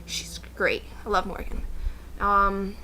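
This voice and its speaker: A woman's voice: mid-range voice, little pitch movement, slow, pushed and bright, husky. A young woman vlogging a casual storytime rant, sarcastic and exasperated as she tells it.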